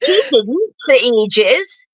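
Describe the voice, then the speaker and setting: A woman's voice: a little high, big pitch swings, very slow, slightly rough, no room sound. A woman hosting a casual live chat panel, talking bluntly with lots of restarts and swearing.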